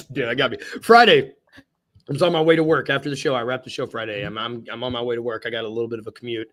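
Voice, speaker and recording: A man's voice: mid-range voice, expressive, fairly quick, a bit bright. A young man hosting a podcast in casual chat, rambling and joking at his own expense. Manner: jokey, rambling, laughs at himself. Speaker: podcast host.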